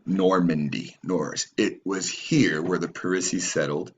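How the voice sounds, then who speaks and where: A man's voice: low voice, fairly even intonation, measured pace, a little hiss or hum. A man hosting his own channel, reading passages aloud and commenting on them in a profane, rambling way, stumbling over names. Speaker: channel host.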